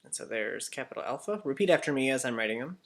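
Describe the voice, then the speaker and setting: A man's voice: mid-range voice, lively intonation, quick pace. A man teaching a casual lesson for children, chatty and correcting himself as he goes. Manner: chatty, self-correcting, asks kids to repeat.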